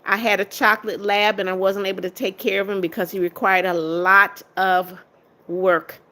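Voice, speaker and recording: A middle-aged American woman chats her way through a live stream, reading viewer comments aloud and answering them one by one. Her voice is bright and clear, with an easygoing, talkative flow. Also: medium pitch, flat delivery, normal speed. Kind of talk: casual live-stream chat.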